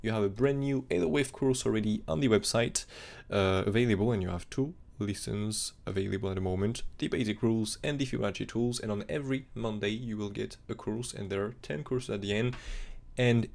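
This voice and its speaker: Fast-talking gravelly male crypto streamer. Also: lowish voice, darkish tone. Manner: fast, rambling, non-native phrasing with fillers. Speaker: crypto chart analyst streamer. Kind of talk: live-stream technical analysis chat.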